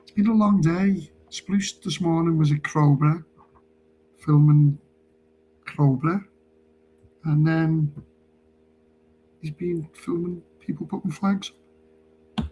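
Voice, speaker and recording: A man's voice: fairly high pitch, takes it slowly, long pauses, dull audio, a little hiss or hum. A man telling a rambling story on a live stream, chatty and laughing as he goes.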